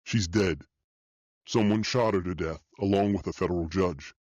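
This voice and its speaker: A man's voice: low-pitched, normal speed, darkish tone, no echo. A man voicing a fearless male FBI agent who talks bluntly and commandingly. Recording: dull dry audio.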